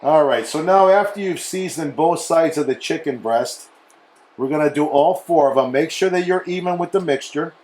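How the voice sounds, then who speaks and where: A man's voice: fairly high pitch, moderate pace, a little mellow. A man hosting a cooking show, chatty and instructional, often checking in with okay. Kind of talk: casual cooking demonstration.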